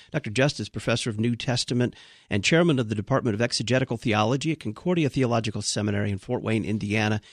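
A man hosting a radio talk show, reading announcements and introducing his guest in a measured, announcer-like way. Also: medium pitch, no room sound, clean studio sound.

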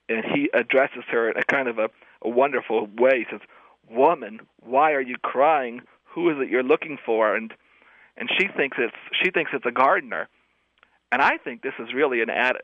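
A man's voice: medium pitch, no echo. Man on a tinny phone line. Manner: thoughtful, frequent restarts and fillers. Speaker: guest scholar. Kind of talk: radio call-in talk.

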